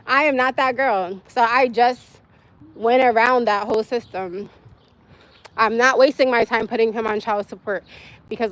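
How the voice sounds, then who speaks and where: A woman's voice: on the high side, a bit bright. Candid young woman chatting on a livestream. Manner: candid, rambling, laughs often. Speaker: livestream host. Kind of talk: casual live-stream chat with viewers. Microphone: phone.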